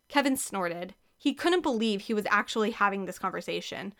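Bright-voiced woman narrating a story. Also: medium pitch, lively intonation, moderate pace. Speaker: audiobook narrator. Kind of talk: scripted narration.

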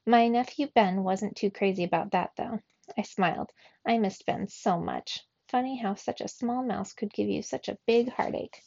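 A woman's voice: mid-range voice, creaky. Woman reading a storybook aloud. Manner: slow, expressive reading. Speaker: teacher reading aloud to children. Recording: dull, dry recording.

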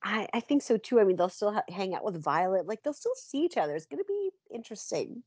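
A woman's voice: medium pitch, sing-song, quick pace, a little mellow, breathy edge, no echo. A woman co-hosting a podcast in casual chat, laughing often and reacting briefly. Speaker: podcast co-host.

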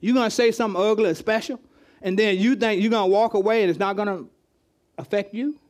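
A man with a high voice preaches to his congregation in a loose, conversational style. He asks questions of people in the room and often repeats words as he goes. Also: steady tone, quick pace, darkish tone. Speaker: pastor. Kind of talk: interactive sermon teaching. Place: church hall with congregation.

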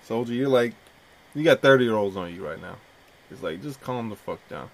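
A man's voice: lowish voice, animated, normal speed, a little hiss or hum. A man hosting a podcast in a casual, joking, profane way. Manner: laid-back, profane, joking. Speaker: podcast host.

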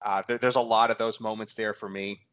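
A man's voice: fairly low pitch, steady tone, brisk, fairly bright tone. Thoughtful man hosting a podcast. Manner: thoughtful, hesitant, with frequent restarts and agreeing murmurs. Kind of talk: casual chat.

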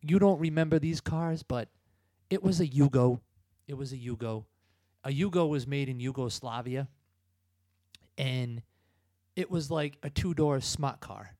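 A man hosting a podcast, retelling film scenes casually with quick impressions. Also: medium pitch, mellow, no room sound. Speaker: podcast host. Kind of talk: casual chat.

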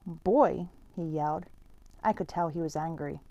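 A woman's voice: low voice, level tone, fairly quick, warm tone, dry recording, muffled recording. A woman reading a first-person story aloud in a plain, conversational way.

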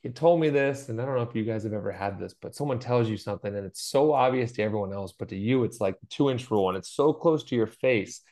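A man's voice: medium pitch, quick pace, hardly any pauses, a little mellow. A middle-aged man co-hosting a podcast, talking in an earnest, storytelling way and acting out the voices of the people he quotes. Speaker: podcast co-host. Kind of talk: conversational podcast chat.

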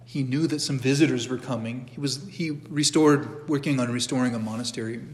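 A man's voice: mid-range voice, fairly quick. A middle-aged man teaching a church catechism class in a conversational way, often restarting his sentences and adding asides. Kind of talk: informal church class lecture. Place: church hall. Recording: long echo of a church hall.

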